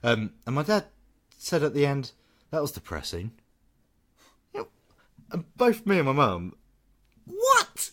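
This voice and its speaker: A man's voice: medium pitch, normal speed, no room sound. A man co-hosting a film podcast, chatting enthusiastically and reading scripted reviews. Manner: enthusiastic, animated. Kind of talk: casual chat and scripted review narration.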